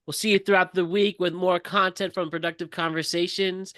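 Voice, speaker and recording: A man's voice: high-pitched, little pitch movement, brisk, bright, forceful tone, no room sound. Laid-back male podcast host. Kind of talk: casual chat.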